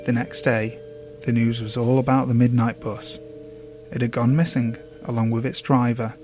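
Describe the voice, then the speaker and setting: A male storyteller reads eerie legends in a measured, ominous tone. His middle-pitched voice stays low-key and hushed. A soft music bed runs quietly behind him. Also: level tone. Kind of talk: scripted narration of urban legends. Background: faint music.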